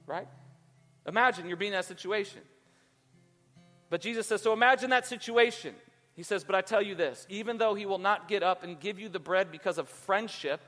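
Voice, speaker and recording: Pastor, male, high voice, lively preacher, reverb-heavy hall. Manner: animated preacher, acts out quoted voices. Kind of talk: sermon.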